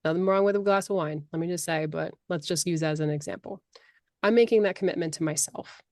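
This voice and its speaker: A woman's voice: fairly low pitch, quick pace, no echo, studio quality. Passionate woman coaching on a podcast. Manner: passionate, animated, acts out voices. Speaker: guest life coach. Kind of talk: podcast interview.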